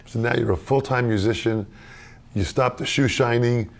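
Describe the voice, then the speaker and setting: A man's voice: mid-range voice, steady tone, moderate pace, vocal fry. A man interviewing a guest, asking follow-up questions in an encouraging way.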